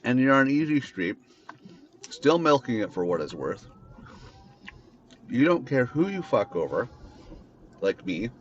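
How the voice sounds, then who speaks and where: A podcast host with a mid-range, very animated voice rants bitterly while driving, swearing through an unscripted monologue. He keeps a measured pace with long pauses. The in-car recording sounds dull and lo-fi, with faint noise.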